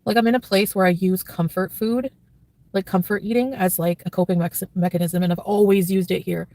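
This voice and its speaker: A woman's voice: fairly low pitch, fairly even intonation, a little fast, dark tone, no room sound, far from the mic. A woman livestreamer chatting casually and reading her chat, rambling with constant filler words and turning blunt and profane. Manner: blunt and profane when annoyed.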